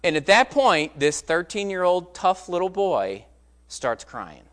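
Lively, emphatic male preacher. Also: high-pitched, unhurried. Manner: storytelling, emphatic, conversational. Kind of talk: sermon.

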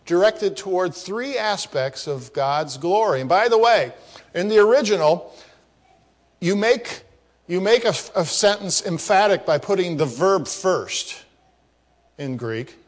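A male pastor delivers a teaching sermon in a measured, unhurried way, leaning on repeated phrases to drive points home. His voice sits a little high for a man, and he breaks off for friendly explanatory asides. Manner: emphatic, repeats phrases for stress.

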